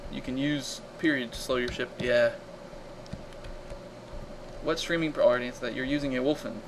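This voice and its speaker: An excitable man commentates his game on a live stream, yelping at fights and answering chat between them. His voice sits at an ordinary middle pitch. A faint hiss of noise runs under the home desk mic. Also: moderate pace. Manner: excitable, reacting loudly to combat and reading chat aloud. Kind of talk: casual gameplay commentary.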